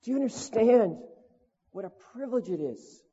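A man voicing Jesus, who asks slow, probing questions over and over. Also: high voice, animated, warm tone, slightly rough, voice pushed up, full character voice. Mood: searching. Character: gentle, searching voice of Jesus, male. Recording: lo-fi recording in a long-echo hall.

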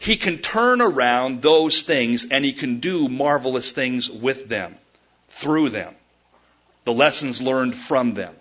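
A male preacher delivers a sermon in a bright, forceful voice. He swings from loud, emphatic declarations to hushed asides and speaks straight to his listeners. The recording sounds dull and lo-fi. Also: medium pitch, lively intonation, slow pace. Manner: addresses the listeners directly as folks.

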